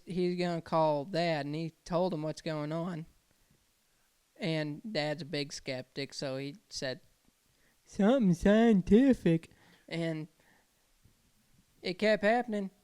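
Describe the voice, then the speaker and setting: A man co-hosting a podcast, relaxed as he tells his story and laughs between lines. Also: high-pitched, clean tone. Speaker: podcast co-host. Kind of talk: casual chat, telling ghost stories.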